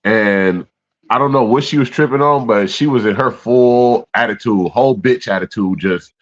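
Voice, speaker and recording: A man's voice: mid-range voice, normal speed. A man co-hosting a podcast in a casual chat, laid-back and slangy, swearing casually and reading out viewer comments. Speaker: podcast co-host. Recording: dull lo-fi sound.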